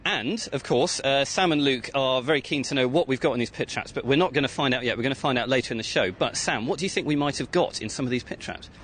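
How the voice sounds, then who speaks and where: A man's voice: medium pitch, fast, hardly any pauses, a bit bright, a little hiss or hum. A man reporting live on radio from a field site, enthusiastic, quizzing children and urging listeners to join in. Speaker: outside-broadcast reporter.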